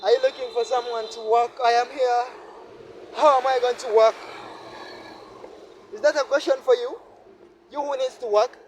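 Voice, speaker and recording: His voice is extremely high and steady, moving at a moderate pace with frequent pauses. A Ugandan man walking a rainy city street, he records a thoughtful vlog monologue, musing and questioning himself again and again over faint traffic and street noise.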